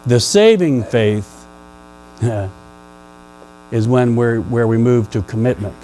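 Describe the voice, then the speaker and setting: Slow-talking male pastor preaching. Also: medium pitch, expressive, a little hiss or hum, rough recording. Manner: conversational, playful, jokes with the congregation; swings from quiet to loud emphatic questions. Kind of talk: sermon. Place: church sanctuary.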